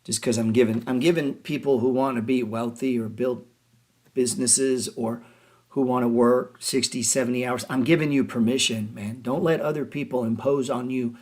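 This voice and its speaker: Brief: male host, mid-pitched, heated casual rant, swears a lot, sarcastic rhetorical questions. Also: darkish tone. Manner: profane, mocking, rapid rhetorical questions. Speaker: trading show host.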